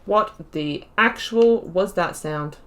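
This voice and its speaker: A woman's voice: lowish voice, slow pace, slight background noise. A woman gamer giving casual let's play commentary, chatting and talking back to the characters on screen.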